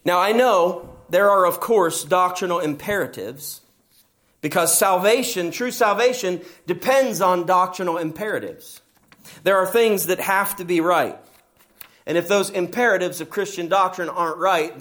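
A man's voice: sits high, a bit bright. A middle-aged man preaching a sermon as pastor, telling stories and pressing his points with emphasis. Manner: storytelling, emphatic with rising passages.

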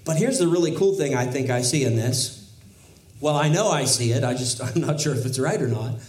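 Man, pastor, expository sermon, conversational, wry asides, emphatic rises, slightly high voice, echoey room. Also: animated, brisk, a little mellow.

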